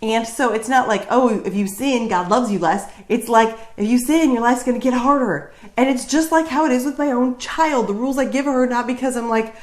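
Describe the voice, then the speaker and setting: A woman's voice: a little high, moderate pace, few pauses. Woman just chatting to her camera, jokey, lots of ums, kinda echoey room. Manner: chatty and jokey, many fillers. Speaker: vlogger sharing Bible reflections. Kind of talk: casual chat to camera. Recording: roomy echo.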